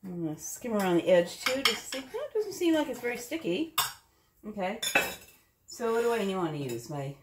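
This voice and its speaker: A woman's voice: medium pitch, sing-song, fairly quick, very noisy. A woman hosting a casual recipe demo, chatty and thinking aloud as she tastes her dish. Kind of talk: casual cooking demo talk. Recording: echoey kitchen. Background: clinking dishes and cutlery.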